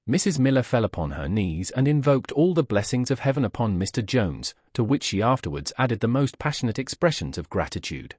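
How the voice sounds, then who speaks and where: A man narrates a classic novel in a measured, formal storytelling manner. His pitch moves lively through the sentences. The recording is dry and close. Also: husky, no room sound. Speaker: audiobook narrator.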